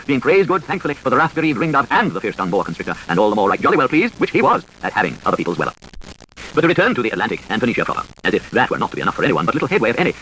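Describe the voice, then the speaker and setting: Rapid, sing-song male prose reader. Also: mid-range voice, pushed and bright, slight background noise, rough recording. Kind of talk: reading dense literary prose aloud.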